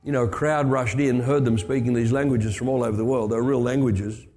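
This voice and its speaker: A man's voice: mid-range voice, fairly even intonation, brisk, darkish tone. An older man preaching a storytelling sermon, chatty, with asides and restarts. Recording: long hall reverb.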